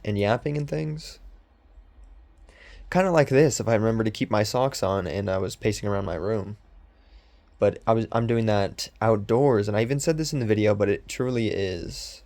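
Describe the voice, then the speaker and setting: A man's voice: lowish voice, darkish tone. A young man hosting a podcast, rambling casually with lots of ums and restarts, in a voice that sounds sarcastic. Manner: meandering, with many ums and restarts. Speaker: podcast host.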